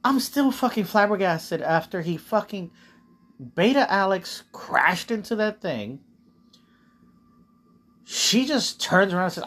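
A woman's voice: medium pitch, lively intonation, measured pace, long pauses, fairly bright tone. A woman co-hosting a casual movie commentary, joking with lots of swearing. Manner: profane, joking banter. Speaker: podcast co-host.

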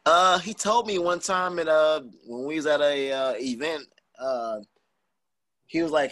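A young man, a wrestler guest, talking in a rambling, filler-heavy, excitable way in an interview. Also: on the high side, unhurried, no echo. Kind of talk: casual interview.

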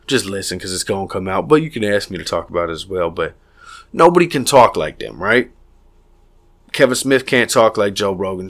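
Deep-voiced rambling podcast man. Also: a bit bright. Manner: rambling, profane, self-hyping. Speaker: podcast host. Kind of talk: solo podcast monologue.

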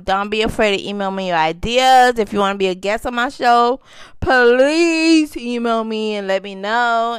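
Slow, smooth-voiced young mom host. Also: female voice, mid-range voice, fairly bright tone, no room sound. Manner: chatty, laughing, drawn-out emphatic phrases. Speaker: podcast host. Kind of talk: casual chat to mothers.

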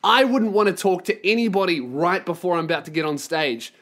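A man's voice: high voice, brisk, fairly bright tone. A man hosting a podcast, telling a story as a profane, sarcastic rant. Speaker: podcast host and touring performer.

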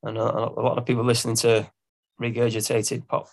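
Man, English accent, singer-songwriter guest, gravelly, mid pitch, hesitant, laughs at himself. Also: monotone, fairly quick, darkish tone. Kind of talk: casual podcast interview.

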